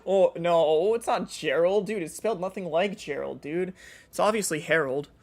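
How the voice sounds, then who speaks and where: A man's voice: sits high, normal speed. A young man streaming a co-op game, bantering and joking with friends and chat. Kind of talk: casual gaming stream chat.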